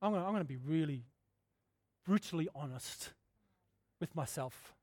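A middle-aged man preaching a sermon in a candid, conversational way, often clearing his throat. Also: fairly high pitch, lively intonation, normal speed, a little mellow, no echo. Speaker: pastor.

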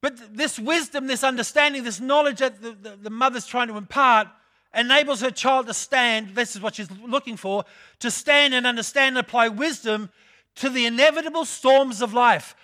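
An older man from England delivering a sermon in a strikingly high voice with a bright, ringing tone. He builds his points by repeating key phrases and drifts easily into personal stories. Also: normal speed. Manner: storytelling, repeats phrases for emphasis. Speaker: preacher.

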